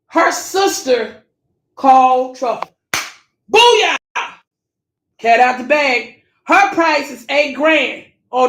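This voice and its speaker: A woman vlogger reading a viewer's letter aloud and reacting, animated and preachy, calling her viewers family. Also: high-pitched, roomy sound.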